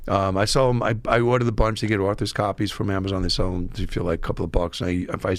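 A man's voice: deep voice, flat delivery, quick pace, no echo. A man guest author in casual chat, telling stories bluntly with some swearing. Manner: storytelling, profane.

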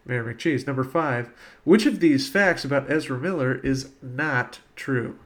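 A man hosting a casual podcast quiz, reading out questions and laughing now and then. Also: mid-range voice. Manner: reads questions with quick laughs. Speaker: quiz host.

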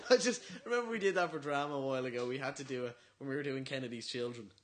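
A young Irish man in his late teens co-hosting a casual podcast, rambling through stories, laughing often and slipping into quick impressions. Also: mid-range voice, fairly bright tone. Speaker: podcast co-host. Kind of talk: casual chat among friends.

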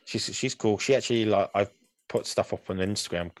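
A man's voice: on the low side, a little fast, no echo. A man co-hosting a podcast in casual chat, rambling and hesitant, full of fillers and restarts. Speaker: podcast co-host.

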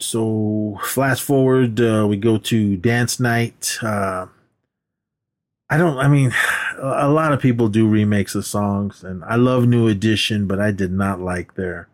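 Man, podcast co-host, casual movie recap, rambling, lowish voice, pops up into quoted lines. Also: a little mellow. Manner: rambling retelling, acts out lines in a raised voice.

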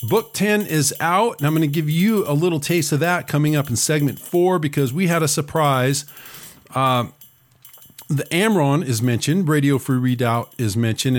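A man recovering from a cold, talking around a lozenge while he hosts a talk radio news and commentary show. He fills his speech with "uh" and throws in sarcastic asides. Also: mid-range voice. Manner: sarcastic asides, frequent "uh" fillers.

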